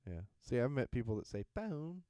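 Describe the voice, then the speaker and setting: A man's voice: medium pitch, sing-song, moderate pace, mellow, dry recording. A young man co-hosting a podcast in casual chat, playful and full of silly theories. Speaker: podcast co-host.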